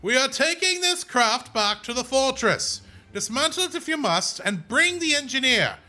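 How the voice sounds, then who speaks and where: A man voicing an arrogant imperial commander in a game who barks loud orders. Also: very high-pitched, sing-song, normal speed, pitched above the performer's own voice, exaggerated voice. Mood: commanding.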